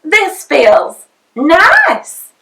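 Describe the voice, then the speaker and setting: Woman putting on a shrill, fussy house-proud mother. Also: very animated, slow, bright, forceful tone, full character voice. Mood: delighted. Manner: prim, high and shrill.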